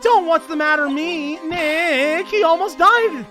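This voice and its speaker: A man's voice: extremely high pitch, unhurried, over music, voice pushed up. A man doing a bubbly young girl sidekick. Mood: excited. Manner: bubbly and pushy. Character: excitable young female spirit medium sidekick.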